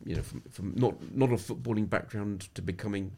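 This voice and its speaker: A man's voice: fairly low pitch, brisk, a little mellow. Reflective middle-aged man telling stories. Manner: reflective, anecdotal, with many restarts. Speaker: sports psychologist guest. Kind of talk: podcast interview storytelling.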